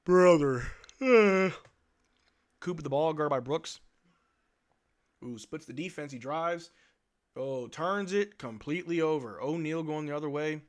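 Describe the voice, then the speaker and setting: A man's voice: on the high side, moderate pace. A male live-stream host giving casual fan play-by-play commentary in a blunt, exasperated, slangy way.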